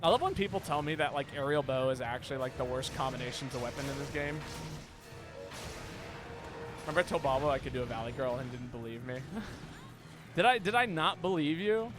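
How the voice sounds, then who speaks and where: Over music, a man with a mid-range voice chats casually while streaming a video game. He talks a little fast with frequent pauses, staying playful and often stammering over repeated words.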